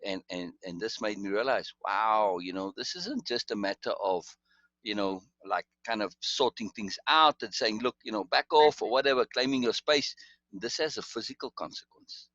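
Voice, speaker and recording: A man's voice: on the low side, moderate pace, bright, forceful tone, no room sound, muffled recording. A man telling a long personal story in casual conversation, rambling with restarts and asides. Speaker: guest storyteller.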